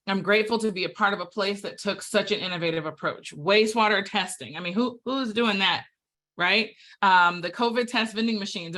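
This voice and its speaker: A woman's voice: fairly low pitch, sharp tone. A woman presenting at a staff town hall over a video call, heartfelt and chatty with plenty of fillers.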